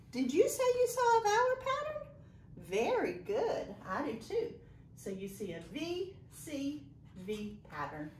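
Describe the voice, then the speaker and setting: A woman's voice: mid-range voice, darkish tone, roomy sound, a little hiss or hum. A woman teaching a phonics lesson on video, encouraging and praising students by name as she spells words out letter by letter. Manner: slow, deliberate letter-by-letter spelling.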